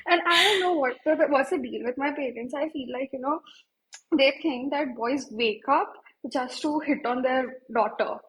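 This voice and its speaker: A woman's voice: high voice, a bit bright, slight background noise, low-quality recording. A woman with an Indian English accent, a guest speaking in a casual chat and laughing as she talks. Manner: laughs while talking, unhurried. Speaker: panel guest.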